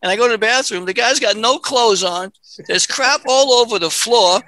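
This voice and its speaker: High, bright, gravelly man. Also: moderate pace. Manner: animated, acts out voices in his story. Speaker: podcast co-host. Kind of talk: storytelling in casual chat.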